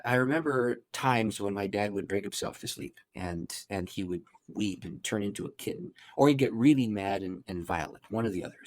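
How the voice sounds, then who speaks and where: A man, a pastor, telling his life story in an interview, animated and acting out the people he quotes. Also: mid-range voice.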